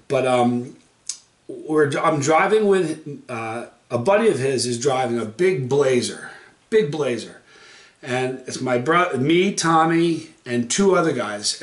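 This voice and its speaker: A man of middle pitch tells a personal story straight to camera, casual and rambling. He keeps stopping to correct himself. His voice sounds roomy and echoey. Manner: rambling, often corrects himself mid-sentence. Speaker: hot sauce reviewer telling a personal story.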